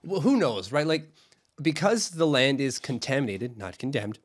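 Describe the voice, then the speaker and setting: A man's voice: mid-range voice, animated, moderate pace. Chatty man co-hosting hockey talk. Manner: chatty, jokey, slips into goofy put-on voices. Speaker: podcast co-host. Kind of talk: casual hockey chat.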